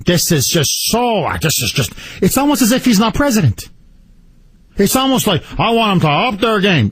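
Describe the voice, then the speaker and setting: A man's voice: sits high, husky, no room sound. A man hosting a talk radio show, ranting in a combative, sarcastic way into a studio microphone. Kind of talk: political talk radio monologue.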